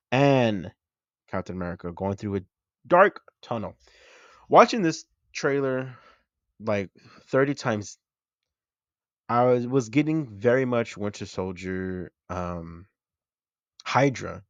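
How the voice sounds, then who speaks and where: A young man hosts a film channel in a dry, close recording with a somewhat muffled, dull sound. His voice sits on the low side as he chats excitedly through a trailer breakdown, often pausing to correct himself. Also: no echo. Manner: excited, chatty, self-correcting fan talk. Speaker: movie channel host.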